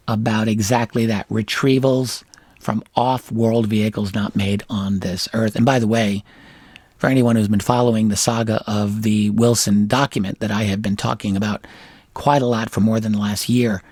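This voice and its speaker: A middle-aged man talks through a solo analysis at a measured, deliberate pace, pausing on fillers and restarting phrases as he thinks. His voice sits at an ordinary male pitch and is recorded dry and close, with no room around it. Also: darkish tone, no echo. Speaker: show host.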